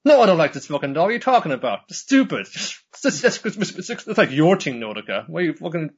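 A high, petulant cartoon rabbit girl as a man puts her on. She whines and snaps defensively. The sound is muffled and lo-fi. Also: big pitch swings, fast talker, a bit bright. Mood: angry. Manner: whiny, defensive, swearing. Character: young female talking rabbit fairy, bratty.

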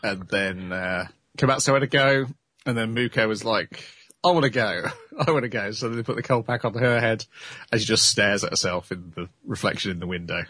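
A man's voice: lowish voice, normal speed, sharp tone, slightly rough, dry recording. A man hosting a casual podcast, recapping an anime episode with frequent laughs. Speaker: podcast host.

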